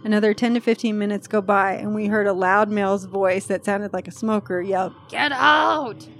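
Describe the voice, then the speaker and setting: A woman's voice: medium pitch, level tone, brisk. A woman hosting a podcast in casual chat, reading a post aloud with chatty, freely swearing asides. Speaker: podcast host.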